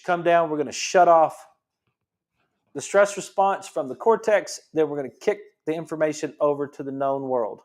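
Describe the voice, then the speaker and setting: A man hosting a health talk show as a chiropractor, explaining things emphatically and often restarting and repeating his phrases. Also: fairly high pitch. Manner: repetitive, emphatic teaching with restarts.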